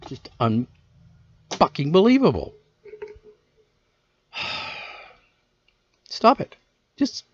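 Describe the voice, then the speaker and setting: A man hosting his own podcast, ranting in a profane, exasperated way. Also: high-pitched. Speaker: podcast host. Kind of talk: casual solo rant. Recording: dull lo-fi dry recording.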